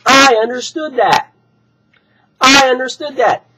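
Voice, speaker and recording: A hoarse man, still recovering from being sick, ranting heatedly and with plenty of swearing in an opinion vlog. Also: very high voice, measured pace, pushed and bright, a little hiss or hum, poor audio. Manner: heated, profane, repetitive ranting. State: hoarse from recent illness. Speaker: wrestling fan vlogger. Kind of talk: opinion rant to camera.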